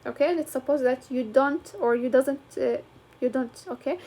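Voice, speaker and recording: A young woman with a Levantine Arabic accent, explaining slowly and deliberately, with frequent fillers. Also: high-pitched, mellow. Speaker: English teacher. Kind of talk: classroom lecture.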